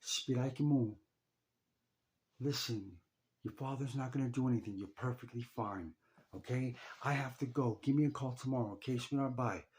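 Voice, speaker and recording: A man voicing his mother as a calm, dismissive woman who soothes and brushes off danger. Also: medium pitch, normal speed, pitched above the performer's own voice, lightly acted. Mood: breezy. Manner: soothing, sing-song reassurance.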